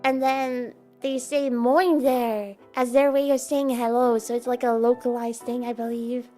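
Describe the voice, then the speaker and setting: Young woman, Dutch accent, high voice, playful streamer chat, laughs a lot, soft music behind. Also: flat delivery, unhurried. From Netherlands. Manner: playful and giggly, chatty. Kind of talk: casual chat with live viewers.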